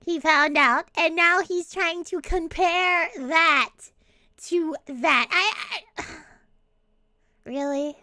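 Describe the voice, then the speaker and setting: A woman's voice: extremely high pitch, takes it slowly, pushed and bright, no room sound. A woman streamer in casual chat, laughing and swearing while reading comments aloud into a close desk mic.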